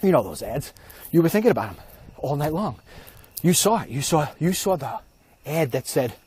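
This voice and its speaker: A man's voice: on the high side, sing-song, moderate pace, darkish tone, husky. Rambling, jokey man vlogging. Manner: jokey, rambling, mock-conspiratorial. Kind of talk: casual comic rant. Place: outdoors, walking.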